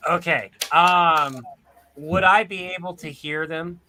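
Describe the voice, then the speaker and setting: A man's voice: on the high side, fairly even intonation, takes it slowly, bright, forceful tone, a little hiss or hum. A man playing a tabletop game, explaining his character's actions in a rambling way, full of fillers. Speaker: player. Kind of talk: casual tabletop play.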